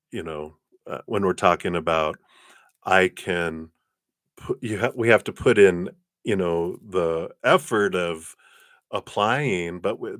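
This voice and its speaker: Man, low pitch, dry sound, spiritual livestream chat, animated, laughs often. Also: no room sound. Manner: animated, laughing, acts out his own past thoughts. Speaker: tarot reader on a livestream. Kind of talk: casual spiritual talk.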